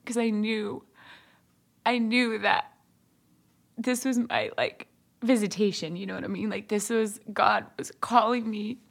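A young woman from Ohio sharing her personal faith testimony as a guest, animated, acting out what others said, with many fillers. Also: medium pitch, a little slow, gravelly, long pauses. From Ohio, USA. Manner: animated retelling, voices others' quotes, frequent fillers.

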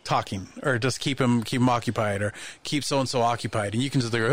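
A man in casual podcast chat, telling lively anecdotes and acting out the voices of people in them. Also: medium pitch, a little fast, dry recording. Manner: animated anecdotes, acts out quoted voices. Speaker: podcast guest.

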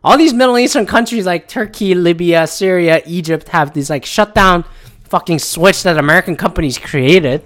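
A man's voice: high-pitched, moderate pace, a bit bright. A man in his thirties who works in tech, ranting in a casual, profane and rambling monologue that keeps drifting off on tangents. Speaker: tech worker ranting on current events.

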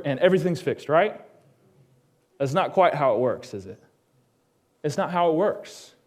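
In church, a man preaches a personal sermon, sharing his story and pausing to ask the congregation quick questions. He's a pastor who lowers his voice to a quiet, hushed tone for the solemn lines.

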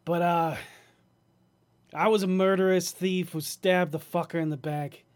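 A man's voice: high-pitched, steady tone, a little slow. Man doing a grating nasal goblin. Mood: crude, defiant. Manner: loud, swearing, blunt. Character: crude reformed male goblin thief.

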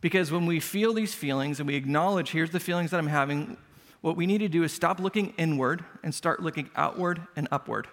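A man's voice: on the high side, a little fast, a bit bright. A man preaching a sermon as pastor, conversational and self-deprecating, telling everyday stories to make his points. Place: church sanctuary. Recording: long church hall reverb.

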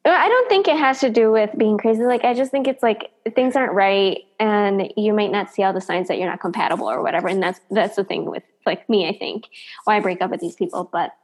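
Woman podcast co-host, mid pitch, candid, thoughtful, casual. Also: fairly quick. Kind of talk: casual chat.

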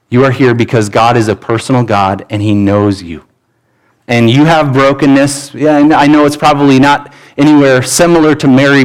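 A man's voice: mid-range voice, poor audio. Male pastor, mid-range voice, preaching earnestly in church with a pleading tone. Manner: earnest, pleading, with repeated restarts. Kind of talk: sermon. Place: church sanctuary.

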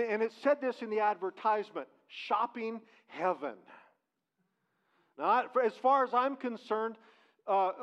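High-voiced pastor preaching. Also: male voice. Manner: conversational preaching with frequent restarts and rhetorical questions. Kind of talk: sermon. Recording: dull, lo-fi church recording.

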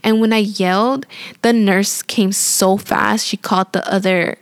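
A woman's voice: medium pitch, steady tone, unhurried, clear, resonant tone, no room sound. A young woman casually telling her birth story, rambling and filling her talk with "like" and "you know.". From Spanish-speaking family. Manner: chatty and rambling, heavy use of "like" and "you know"; apologetic and self-aware.

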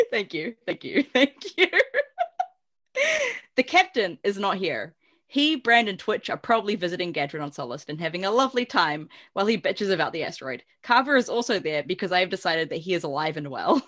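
A woman's voice: fairly low pitch, big pitch swings, quick pace, a bit bright. A woman podcast host casually recapping book chapters, giggly and swearing freely.

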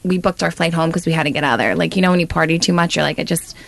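A young woman chats on a podcast, rushing through her story at a brisk clip. Her voice carries a gravelly fry underneath. She restarts her sentences as she goes. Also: low-pitched. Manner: chatty storyteller, quick restarts. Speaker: podcast co-host. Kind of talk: casual chat.

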